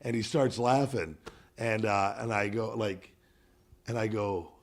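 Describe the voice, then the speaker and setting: A man in his thirties hosting a podcast, telling a gym story in casual, profane, animated chat. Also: on the low side, unhurried. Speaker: podcast host.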